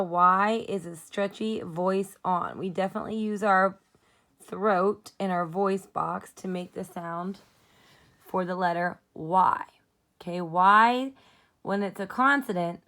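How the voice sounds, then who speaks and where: A woman teacher giving a slow, clear phonics lesson to young children, modeling each letter sound and inviting them to try it with her. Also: medium pitch, fairly bright tone.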